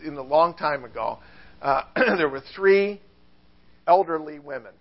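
An older male preacher giving a sermon, lively and chuckling at his own stories. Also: a little high, measured pace, lo-fi sound. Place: church.

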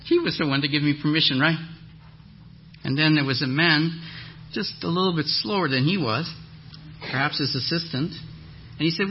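A man preaching a sermon as a guest speaker, telling a lively story and acting out the voices of the people in it. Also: a little high, a little fast, gravelly, slightly rough, muffled recording. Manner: animated storyteller, acts out quoted voices. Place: church hall.

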